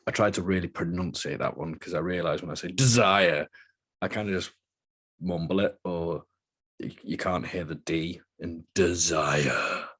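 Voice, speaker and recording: Brief: male podcast host, deep and a bit husky, casual and self-deprecating. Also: measured pace. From Britain. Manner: chatty, self-mocking, animated.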